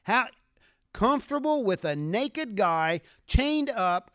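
Animated male preacher, dry close sound. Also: very high voice, takes it slowly, no room sound. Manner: animated storytelling, acting out voices in quotes. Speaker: pastor. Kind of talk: sermon.

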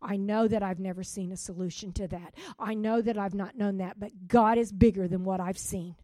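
A woman preaching a sermon with passion, swinging from loud rising calls to hushed, quiet drops. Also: medium pitch, steady tone, moderate pace, no echo. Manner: impassioned, with sudden loud rises and hushed drops.

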